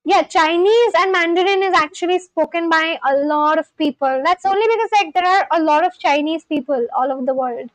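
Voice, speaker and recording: High-voiced woman chatting on a livestream. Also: a little fast, hardly any pauses, dry recording, rough recording. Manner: rambling, reads chat aloud and answers it. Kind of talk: casual live-stream chat.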